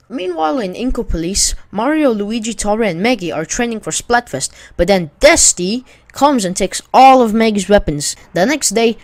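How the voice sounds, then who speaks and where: Woman calmly retelling a plot. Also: mid-range voice. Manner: steady, matter-of-fact retelling. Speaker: narrator summarizing a web series. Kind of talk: read-aloud plot summary.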